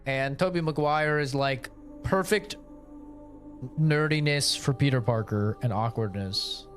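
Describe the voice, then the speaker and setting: A man's voice: medium pitch, unhurried, soft background music. A young man streaming a game, swearing a lot and ranting in casual commentary. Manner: swearing, excitable, rants loudly.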